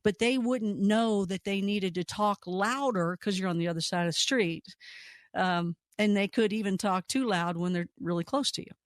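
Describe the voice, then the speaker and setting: A woman hosting a radio talk show, telling stories in a lively, conversational way with pitch that jumps up when she stresses a point. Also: normal speed, no echo, studio quality.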